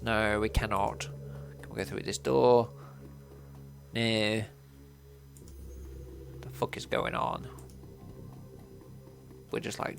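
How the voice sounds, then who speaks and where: Guy reading out game text and chatting, low gravelly voice, kinda sweary. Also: fairly bright tone. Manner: casual, swears, laughs at himself. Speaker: let's player.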